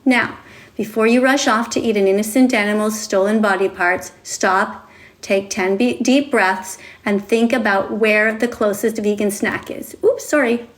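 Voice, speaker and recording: A woman's voice: mid-range voice, steady tone, a little slow. A woman on a livestream, reading to viewers and talking to them in a coddling, sing-song way, like a teacher with small children.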